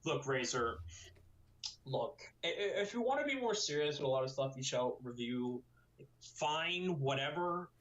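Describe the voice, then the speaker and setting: A man giving a casual critique who rambles and sounds mocking and easily excited. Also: a little high, a little slow, muffled recording. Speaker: video critic.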